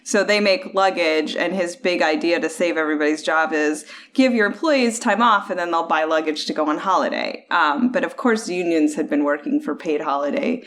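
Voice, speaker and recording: A woman's voice: low-pitched, normal speed, hardly any pauses, fairly bright tone. A woman co-hosting a podcast in casual chat, opinionated and full of "like" fillers. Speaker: podcast co-host.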